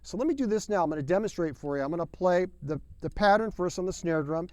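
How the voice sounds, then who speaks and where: A man's voice: high voice, expressive, quick pace, darkish tone, no echo. A man teaching a drum lesson to camera in an upbeat, folksy, emphatic way, sometimes singing drum syllables. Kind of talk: video lesson.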